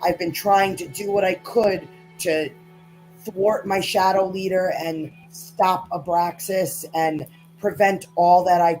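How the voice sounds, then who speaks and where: A woman's voice: lowish voice, darkish tone, voice pushed up, low-quality recording. A woman voicing a captive male fallen fairy in a tabletop game, defiant and desperate.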